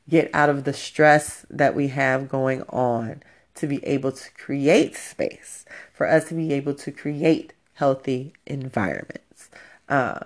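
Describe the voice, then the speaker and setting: A woman with a notably low voice speaks in a blunt, candid way. She talks casually and swears freely, as if chatting with a friend. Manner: blunt, profane, conversational.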